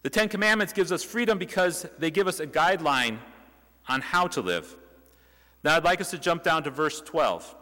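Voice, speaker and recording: A young man delivers a sermon with a bright voice, pitched a little above the usual. He keeps it conversational, asking rhetorical questions and restarting his sentences. His words ring out with long reverb in the church hall. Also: expressive, moderate pace. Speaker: preacher. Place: church sanctuary.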